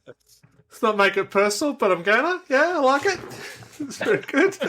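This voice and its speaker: A man co-hosting a podcast, delivering a hammy mock recruitment pitch with bursts of shouting and laughter, slightly hoarse. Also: big pitch swings, takes it slowly. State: slightly hoarse after illness. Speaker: podcast co-host.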